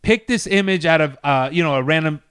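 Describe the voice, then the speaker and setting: A man who works as a DJ, telling a story as a podcast guest in a casual, profane, animated way. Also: on the high side, a little fast, clear, resonant tone, dry recording, clean studio sound.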